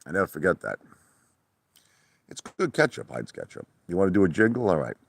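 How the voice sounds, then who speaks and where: A man chatting casually on a livestream, rambling and boastful, sometimes laughing and putting on a mock falsetto. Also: sing-song, brisk, gravelly, husky. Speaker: livestream host. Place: outdoor hot tub at night.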